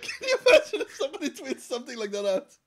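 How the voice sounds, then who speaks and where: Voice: high voice, huge pitch swings, fast, a bit bright. A podcast co-host riffing crudely and swearing in casual comedy banter. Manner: crude, swears, riffs on the reading.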